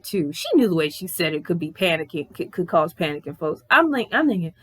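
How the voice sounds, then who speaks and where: A woman in her thirties telling a personal story on her vlog in a candid, animated way, swearing freely. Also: lowish voice, fairly quick, few pauses. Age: 30s. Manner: candid, profane, animated retelling. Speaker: vlogger.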